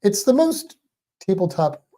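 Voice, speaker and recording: A woman's voice: medium pitch, sing-song, a little slow, mellow. A woman co-hosting a livestream in casual, playful chat, teasing and trailing off mid-thought. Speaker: livestream co-host.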